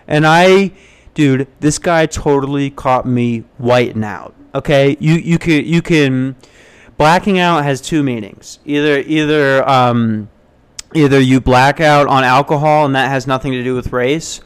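Rambling young American man telling stories. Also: smooth. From United States. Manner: rambling, self-deprecating, jumps into high mock voices. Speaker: podcast host. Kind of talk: solo casual podcast storytelling. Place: hotel front desk.

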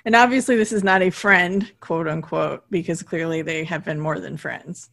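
A woman's voice: lowish voice, normal speed, creaky, fairly bright tone. Chatty woman recapping an episode. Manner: chatty, recounts scenes with quoted lines and laughs. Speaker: podcast co-host. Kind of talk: casual chat recapping an episode.

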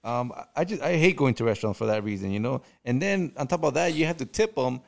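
Gravelly man, calm casual chat. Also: medium pitch, fast talker.

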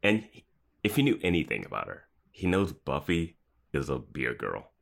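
A man's voice: rumbling low, sing-song, normal speed, gravelly, a bit bright. A man co-hosting a podcast in casual chat, laughing often as he talks. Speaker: podcast co-host.

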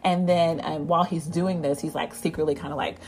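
A woman giving a casual, animated episode recap. She rambles with many fillers and keeps acting out the characters' lines. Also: deep voice, brisk. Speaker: drama recap vlogger.

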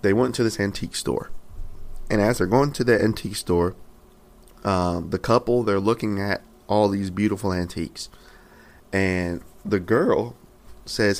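A man's voice: fairly low pitch, normal speed. A man in his twenties preaching a sermon, telling a story with emphatic, repeated phrases. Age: 20s.

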